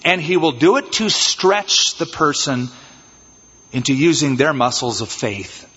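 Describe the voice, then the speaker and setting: Husky pastor preaching in a big hall. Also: male voice, a little high, unhurried. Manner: animated, acts out little scenes in changed voices. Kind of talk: expository sermon. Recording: dull, reverberant church hall sound.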